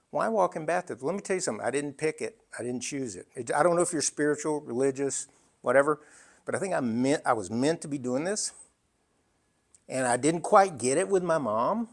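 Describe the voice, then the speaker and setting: An older man speaks in a somewhat high-pitched voice. He tells stories and makes his business points in a lively, conversational way. His talk is full of asides and quick restarts. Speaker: entrepreneur giving a talk.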